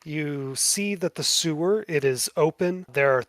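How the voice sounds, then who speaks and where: Casual game master, man; slightly higher voice, relaxed delivery, dry close mic. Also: unhurried, dry recording. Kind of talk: narrating a tabletop game.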